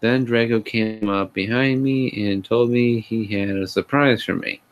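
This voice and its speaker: Brief: male host, dry sarcastic reader, slow lowish voice, lots of sighing. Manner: sarcastic, sighing, exasperated asides. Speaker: host reading a fan fiction aloud. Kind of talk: sarcastic live comedic reading.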